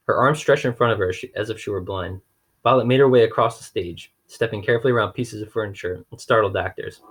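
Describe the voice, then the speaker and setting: Man, low voice, reading a children's novel aloud, steady and wry, occasional restarts. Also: quick pace, breathy edge. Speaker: audiobook reader.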